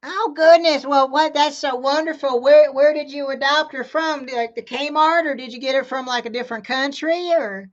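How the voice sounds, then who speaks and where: A woman's voice: high voice, highs cut off. A woman on a live stream, playing along with a caller in a folksy way, calling him honey and drawing out her questions. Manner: folksy, calls people honey, drawn-out questions. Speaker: scam-baiter co-host.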